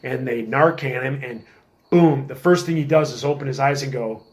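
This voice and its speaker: A middle-aged man telling stories in a casual podcast chat, working as a police officer, animated and acting out quotes. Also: medium pitch, moderate pace. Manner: animated storyteller, acts out quotes in a raised voice.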